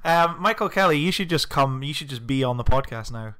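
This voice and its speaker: A man's voice: medium pitch, lively intonation, brisk, a bit bright, a little hiss or hum. A young man hosting a podcast, telling a story in casual chat and laughing often. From Scotland. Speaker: podcast host.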